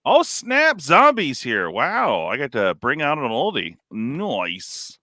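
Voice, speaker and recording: A man hosting a casual live stream, rambling and animated, full of fillers like "dude" and "like". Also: medium pitch, takes it slowly, no room sound, clean studio sound. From California. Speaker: stream host.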